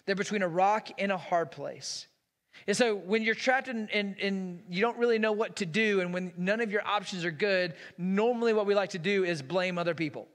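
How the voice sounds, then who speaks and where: A man's voice: high-pitched, normal speed, a bit bright. A man pastor preaching a sermon in a church, retelling a story in a casual, storytelling way. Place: church sanctuary. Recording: long reverb in a large hall.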